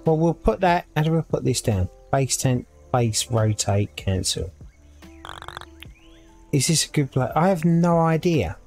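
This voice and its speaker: Lively man chatting through a game. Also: fairly high pitch, unhurried, faint music behind. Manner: chatty, thinks aloud, reads game text out. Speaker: gaming video creator. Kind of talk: casual let's-play commentary.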